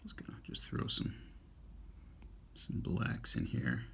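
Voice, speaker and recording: A man drawing on camera, talking to himself in mumbled, half-whispered asides. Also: slow pace. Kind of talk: casual drawing commentary.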